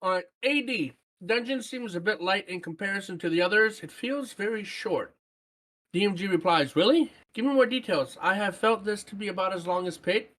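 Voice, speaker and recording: Animated woman podcast co-host. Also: lowish voice. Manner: animated, jumps to excited shouts. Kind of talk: casual podcast chat, reading listener comments.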